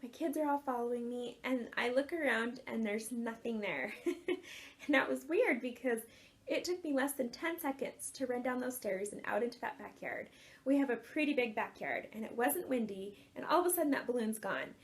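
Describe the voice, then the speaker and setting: A woman in her thirties, an author and life coach, telling a personal story in an earnest, animated way and laughing often. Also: a little high, normal speed.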